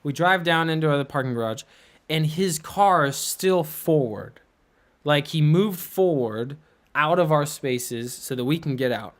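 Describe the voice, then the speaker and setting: A young man telling a rambling story on a podcast, animated, laughing and imitating people as he goes. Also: on the high side, measured pace. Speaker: podcast co-host. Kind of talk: casual storytelling.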